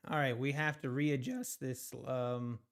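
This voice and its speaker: A man hosting a live trading stream, chatting casually with viewers, sighing and teasing, out of breath. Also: medium pitch. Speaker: trading livestream host. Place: home.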